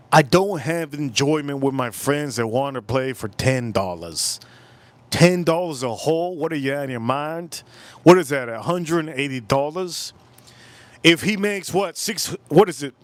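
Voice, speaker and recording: A man in his forties hosting a casual livestream outdoors, telling animated stories and calling out viewers by name. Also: on the high side, no room sound. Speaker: livestream host.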